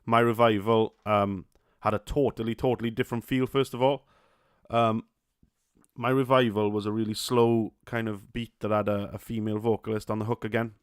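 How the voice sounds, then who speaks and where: A man's voice: fairly low pitch, flat delivery, clean tone, no room sound. Man, Welsh accent, podcast host, casual, hesitant, restarts, swears, dry close sound. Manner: halting, many restarts and fillers, casual swearing. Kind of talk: solo podcast chat.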